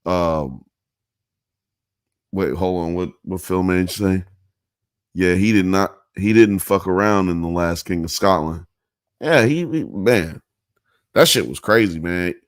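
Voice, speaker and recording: A man's voice: sits low, takes it slowly, pauses often, dry recording, studio quality. A man hosting a live show, chatting in a loose, rambling, slangy way. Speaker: podcast host. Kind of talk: casual live-show chat.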